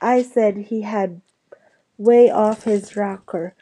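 A woman reads the part of an excitable teenage boy wizard from a storybook. He is blunt and chatty. The tone stays mellow and everyday. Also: medium pitch, slow pace, rough recording. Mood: excited.

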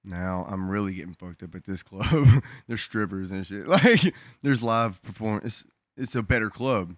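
A man's voice: lowish voice, normal speed, no room sound, clean studio sound. A young man in casual chat, telling a party story in a laid-back, slangy way and laughing between lines.

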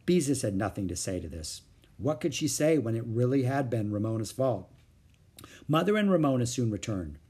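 A man reading a children's chapter book aloud in an expressive, animated way. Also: medium pitch, normal speed, slightly rough. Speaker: storyteller.

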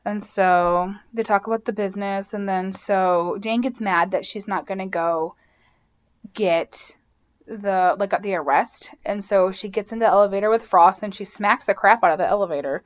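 A woman's voice: mid-range voice, moderate pace, muffled recording. A woman hosting a podcast, casually recapping a TV episode, chatty and full of "like" and "um". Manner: chatty, lots of "like" and "um". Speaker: podcast host.

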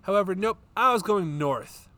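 A man's voice: high-pitched, expressive, normal speed, fairly bright tone, clean tone. A man hosting a casual chat show with his wife, telling long rambling stories and swearing freely. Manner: rambling, profane storyteller. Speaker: podcast host.

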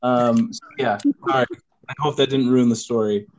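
A man's voice: medium pitch, normal speed. A young man casually telling a story to friends over a phone call, acting out what others said and laughing often. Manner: animated, acts out friends' lines, laughs often. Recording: phone call with faint noise.

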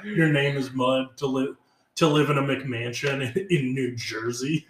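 A man's voice: mid-range voice, steady tone, a little slow. A man co-hosting a podcast, chatting casually with sarcastic, provocative teasing. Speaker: podcast co-host. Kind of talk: casual comedic chat. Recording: roomy echo.

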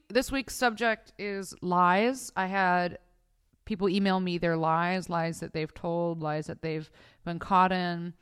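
A woman's voice: lowish voice, clean tone. A young adult woman hosting a podcast from her bed, telling a story in casual, profane chat on a close mic. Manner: profane, animated, acts out voices in her stories. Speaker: podcast host. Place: bedroom at home. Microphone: close mic in front of her face.

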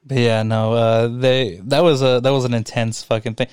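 A young man chatting casually on a podcast, swearing freely and breaking into laughs. His voice sounds smooth and resonant. The recording is dry and close. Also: mid-range voice, little pitch movement, normal speed, darkish tone, no room sound. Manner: loose and profane, laughs often. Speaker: podcast co-host. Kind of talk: casual chat.

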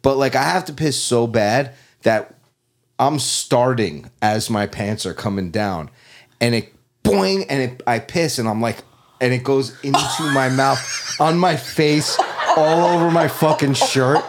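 A man's voice: medium pitch, lively intonation, unhurried. A middle-aged man on a podcast, telling a crude story in a rambling way and acting out his own reactions. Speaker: podcast guest. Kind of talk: casual comedic storytelling.

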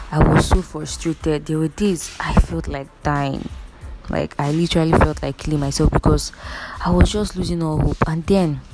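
A young woman with a Nigerian accent telling her own story to viewers in an earnest, emphatic way, often calling out to them directly. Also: low-pitched. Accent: Nigerian English. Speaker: vlogger. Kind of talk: casual direct-to-camera storytelling.

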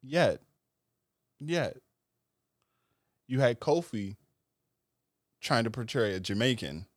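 A man co-hosting a casual podcast, relaxed and explanatory, often laughing. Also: medium pitch, slow, no room sound, clean studio sound. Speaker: podcast co-host. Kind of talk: casual chat.

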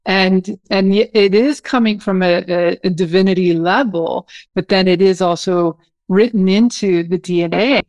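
A woman's voice: medium pitch, normal speed, darkish tone, dry recording. A woman hosting an interview, asking long thoughtful questions and searching for her words with frequent fillers. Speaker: host.

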